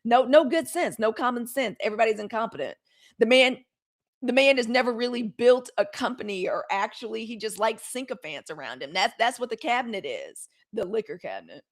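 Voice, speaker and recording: Host: middle-aged woman, slightly higher voice, blunt and sarcastic live-stream commentary on the news. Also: animated, a little fast. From United States. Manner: blunt, fiery and sarcastic, with swearing and colloquial talk.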